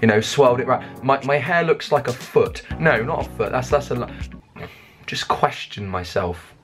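A young English man talking casually and jokingly at home, rambling with quick restarts and poking fun at himself. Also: medium pitch, lively intonation, faint music behind. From England. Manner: jokey, rambling, self-mocking, with quick restarts. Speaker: YouTuber and songwriter. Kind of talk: casual Q&A vlog.

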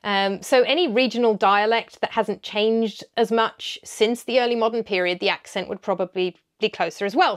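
A woman, hosting a history video and explaining in a chatty way with frequent ums. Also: mid-range voice. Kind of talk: educational commentary.

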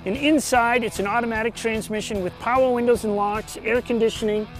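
A man's voice: very high voice, fairly even intonation, a little fast, faint music behind. A man co-hosting a local TV car-sales show, upbeat, listing features and urging viewers to hurry in. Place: car dealership lot.

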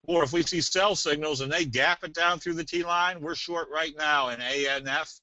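A man presenting a trading webinar in a casual, folksy way, slipping in jokes and a sales pitch. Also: moderate pace, pushed and bright, no echo. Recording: dull, dry webinar audio.

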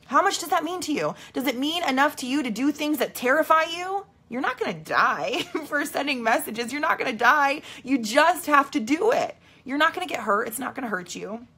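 A woman's voice: high-pitched, very animated, normal speed, hardly any pauses, pushed and bright. A woman coaching casually to camera from home, bubbly and chatty, checking in with "okay?" all the time. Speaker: network marketing coach. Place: at home with children nearby.

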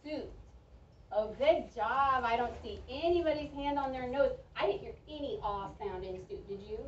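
A slightly high-voiced woman teaches young children to read, drawing out words and praising their answers. She sounds distant and dull, picked up by a camera across an echoey classroom with a faint hum of room noise. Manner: slow, clear, encouraging teacher talk with drawn-out words. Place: school classroom.

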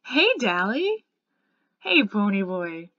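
Woman reads anxious teen boy: eager, quick questions, audiobook style. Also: fairly high pitch, lively intonation, gravelly, muffled recording, pitched above the performer's own voice.

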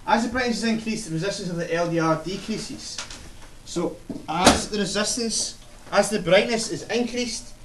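A male science teacher giving a classroom lesson, explaining step by step and checking in with the class. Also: high voice. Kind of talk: classroom instruction. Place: school classroom. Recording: echoey classroom, mic far off, faint hiss.

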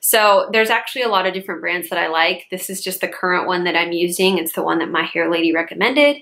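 A woman's voice: on the low side, fast talker, creaky, sharp tone. A young woman in her twenties, a chatty beauty vlogger reviewing hair care products with lots of casual fillers.

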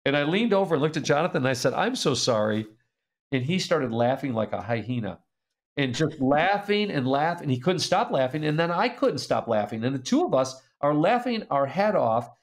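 A middle-aged man in an interview, telling a story in an animated way and laughing as he reads old letters aloud. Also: a little high, fairly quick. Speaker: author and speaker.

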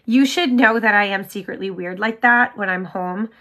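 A woman's voice: medium pitch, moderate pace. Bubbly chatty woman doing makeup. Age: adult with sons. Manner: bubbly, chatty, heavy use of "like"; often drops to a soft whisper. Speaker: makeup tutorial host. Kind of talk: casual makeup tutorial chat.

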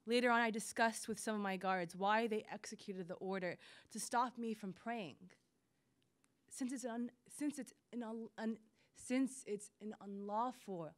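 Woman reading a memoir aloud on stage. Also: mid-range voice. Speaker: reader.

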